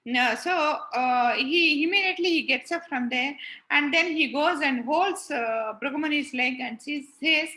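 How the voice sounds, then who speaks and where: A woman's voice: high voice, a little slow, pushed and bright, low-quality recording. A woman telling religious stories in a casual, explanatory, conversational way. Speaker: storyteller.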